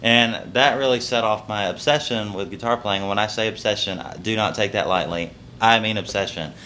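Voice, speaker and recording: A young man talks in a fairly low voice that still has a bright, forward edge. He is earnest and humble, rambling and restarting his sentences as he tells his story in an interview. A little noise sits faintly behind him. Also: a little fast. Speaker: country singer and guitarist. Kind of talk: casual interview.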